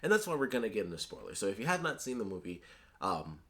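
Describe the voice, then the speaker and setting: A man's voice: lowish voice, sing-song, quick pace, fairly bright tone. A man giving a casual, chatty movie review, talking animatedly with lots of filler words.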